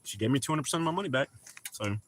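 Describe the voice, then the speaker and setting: A man's voice: medium pitch, lively intonation, rapid-fire. A middle-aged man hosting a casual livestream, chatting with viewers and greeting them by name. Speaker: livestream host.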